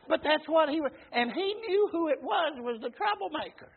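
A man's voice: very high-pitched, lively intonation, fast, hardly any pauses. A man preaching a sermon, telling folksy stories and calling out to the congregation for an "Amen.". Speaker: pastor. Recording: muffled phone-like recording.

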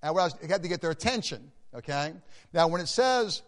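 Pastor, male, sermon delivery: emphatic, repeats key lines, slightly high voice, long hall reverb. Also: expressive, moderate pace.

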